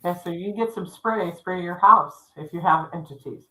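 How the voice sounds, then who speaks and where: A woman's voice: fairly low pitch, normal speed, sharp tone, rough recording. A middle-aged woman telling a spooky personal story on a livestream, rambling with restarts and acting out what people said. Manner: rambling, with restarts and quoted dialogue. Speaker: psychic storyteller co-hosting a livestream. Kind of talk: casual spoken storytelling.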